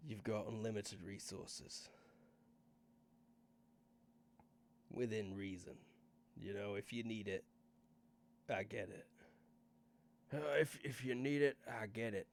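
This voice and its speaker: A man's voice: mid-range voice, steady tone, fast, vocal fry, hardly any pauses, close to an everyday voice. A man voicing a curt, dismissive male spymaster who runs a secret team. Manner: curt, dismissive, calls the players rookies.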